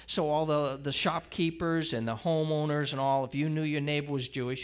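A pastor preaching a conversational sermon, retelling scripture in a casual storytelling way and speaking straight to the congregation with many restarts and asides. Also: male voice, on the high side.

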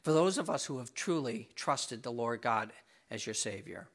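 A middle-aged man preaching a sermon, impassioned, swinging from loud, high emphasis to low, quiet tones and repeating words as he presses his points. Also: lively intonation, moderate pace, vocal fry.

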